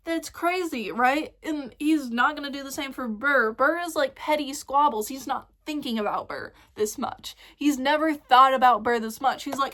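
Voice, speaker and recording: A young woman ranting excitedly in a casual fan vlog, rambling with lots of fillers and swearing. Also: sits high, moderate pace, few pauses. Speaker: vlogger.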